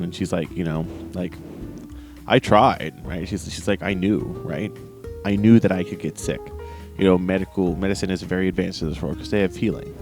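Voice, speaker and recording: Low-voiced guy chatting about a book, rambly, faint guitar music behind. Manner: rambling, lots of "right?" and restarts, laughs often. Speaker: book reviewer. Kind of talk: casual spoken review.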